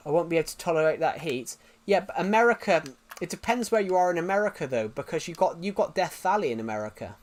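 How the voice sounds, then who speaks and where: A man's voice: a little high, lively intonation, fast talker, few pauses. A young British man streaming live, chatting casually with viewers in a rambling way, full of restarts and fillers. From United Kingdom.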